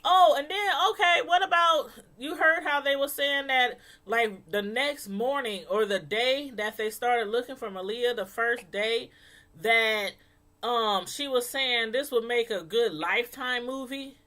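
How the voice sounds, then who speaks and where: Female host, call-in chat, slightly high voice, animated and emphatic, repeats herself. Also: a little slow. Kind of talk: casual call-in show chat.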